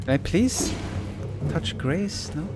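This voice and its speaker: A man's voice: a little high, slow pace. A man streaming a game live, chatting casually and joking while he plays. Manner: relaxed, joking, talks to himself while playing. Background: game music.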